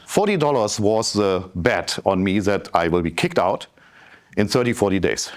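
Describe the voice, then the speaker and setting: Animated German-accented man giving a talk. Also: on the low side, moderate pace. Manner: animated storytelling, addresses the audience directly. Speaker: business coach. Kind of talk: motivational talk.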